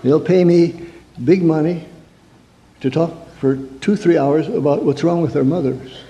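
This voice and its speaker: A counselor with a slightly high, mellow voice speaks a little slowly, giving a humorous sermon-style talk packed with stories, rhetorical questions, and mock-angry asides. The recording is muffled and echoes as if in a reverberant hall.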